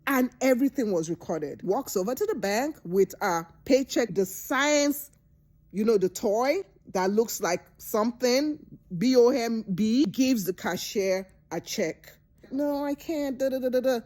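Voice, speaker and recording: Woman vlogger, slightly high voice, animated and dramatic movie recap. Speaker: movie reviewer.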